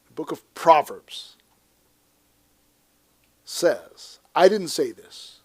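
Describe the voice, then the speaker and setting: Male pastor, high-pitched, animated and emphatic sermon delivery with playful asides. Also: extremely slow, pauses often, slightly rough. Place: church service before a congregation.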